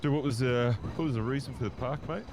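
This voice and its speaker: A man's voice: medium pitch, quick pace, noisy background. A man playing a police officer in a game roleplay, addressing a driver politely and formally.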